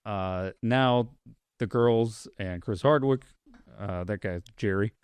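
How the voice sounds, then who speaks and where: Casual swearing podcast host, dry mic. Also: male voice, lowish voice, slow, clear, resonant tone, no echo. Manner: rambling, swears, retells scenes. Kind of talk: casual chat.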